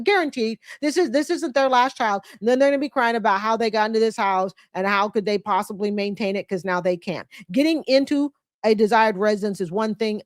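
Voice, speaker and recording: A woman's voice: fairly high pitch, dry recording. Scolding fifties woman, reacting bluntly, dry sound with no room. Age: 50s. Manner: blunt and scolding, mocks with put-on quotes. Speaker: commentary channel host. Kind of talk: commentary on a clip.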